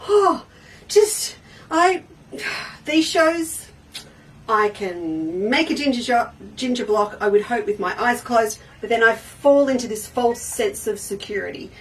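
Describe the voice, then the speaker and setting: A woman's voice: on the high side, lively intonation, unhurried, far from the mic, poor audio. A woman hosting a casual quilting livestream, chatty and bubbly, greeting viewers one by one by name. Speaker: livestream quilting show host.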